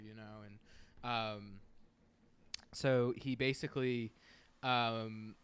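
A man's voice: on the low side, steady tone, slow, long pauses, fairly bright tone, clean tone. A young man hosting a podcast, chatting casually and telling rambling, profane stories, often mimicking coworkers. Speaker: podcast host. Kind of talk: casual chat.

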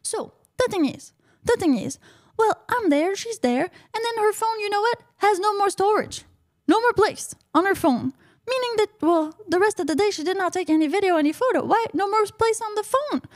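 A woman hosts her own radio show, talking through a long story and circling back to the same phrases. Her voice sits very high. The studio sound is dry and close, with no room in it. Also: lively intonation, moderate pace, no room sound. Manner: rambling, repeats herself, frequent uh-huh asides. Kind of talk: solo talk radio monologue.

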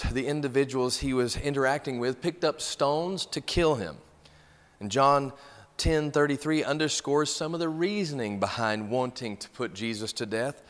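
A man's voice: medium pitch, a bit bright. A male pastor preaching a sermon, reading scripture and stressing key words with emphasis. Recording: long hall reverb.

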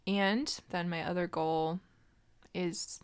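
A young woman chatting casually as a podcast co-host, her voice on the lower side with a gravelly fry. She is chatty and often trails off into quiet asides. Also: fairly even intonation, slow pace. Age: young adult. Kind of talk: casual chat.

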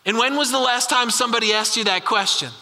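A man in his thirties preaches with a very bright, forceful voice, keeping it casual and asking his listeners the same question again and again. He slows right down to land his key points. His words ring out with a long reverb, as in a large church hall. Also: extremely high pitch. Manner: conversational, repeats questions, slows down for emphasis. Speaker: pastor. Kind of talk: sermon.

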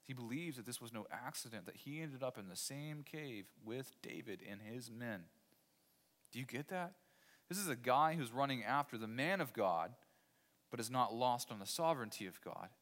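A man preaches a sermon in a voice of ordinary middle pitch. He leans hard on his main points and repeats key phrases. He keeps turning to his listeners with rhetorical questions. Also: animated, normal speed, fairly bright tone. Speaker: pastor.

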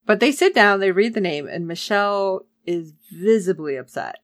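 Casting note: woman podcast co-host, lively sarcastic recap voice, dry close sound. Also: mid-range voice, moderate pace, dry recording. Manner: animated, sarcastic, acts out characters' lines. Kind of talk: casual TV recap chat.

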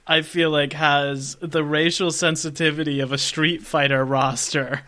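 A man's voice: fairly high pitch, flat delivery, unhurried. A man chatting about a movie on a podcast, wry and joking, laughing often. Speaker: podcast co-host. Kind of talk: casual movie chat.

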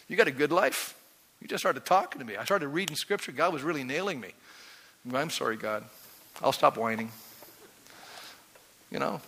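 Bright-voiced energetic man preaching. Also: on the high side, long reverb tail. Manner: energetic, quizzes the congregation with rising questions. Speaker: pastor. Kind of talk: sermon.

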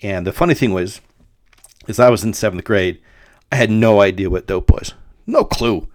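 Low-voiced middle-aged man telling a story. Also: moderate pace, dry recording, clean studio sound. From Denver, Colorado. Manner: rambling, with frequent fillers and restarts. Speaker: podcast host. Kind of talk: casual storytelling monologue.

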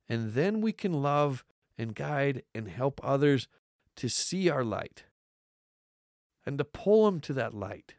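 Slow earnest man teaching scripture. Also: medium pitch, a little mellow, no echo, clean studio sound. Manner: earnest, repeats words, slow emphatic stresses. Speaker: podcast host teaching scripture. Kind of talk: religious study talk.

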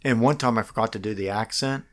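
A middle-aged man talking about himself as a political candidate in a casual interview, halting and rambling with frequent restarts. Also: lowish voice.

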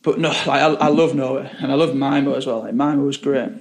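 A man's voice: mid-range voice, fairly even intonation, quick pace, darkish tone, reverberant. Young British man, rambling with constant "like"s. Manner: rambling, says 'like' constantly. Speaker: chef. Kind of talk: casual interview storytelling.

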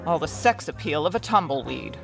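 A woman playing a brisk, tactless client in the style of 1940s radio acting. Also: low-pitched, expressive, gravelly, soft background music. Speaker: client hiring a detective.

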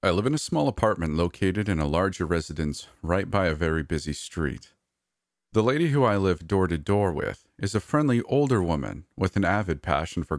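Deep-voiced male narrator, steady scripted read, dry close sound. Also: no echo. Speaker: horror story narrator.

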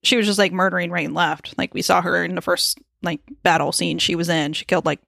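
A woman's voice: fairly low pitch, fairly even intonation, fast, creaky, fairly bright tone, no echo, studio quality. A woman co-hosting a podcast, recapping a TV episode in casual, joking chat full of "like" and swearing. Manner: chatty and joking, lots of likes and swearing. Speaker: podcast co-host.

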